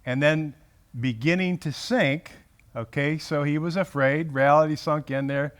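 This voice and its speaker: A man teaching a Bible study to a group in a room, animated and often breaking off his sentences to restart them. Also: a little high, measured pace. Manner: animated, self-interrupting, acts out quotes.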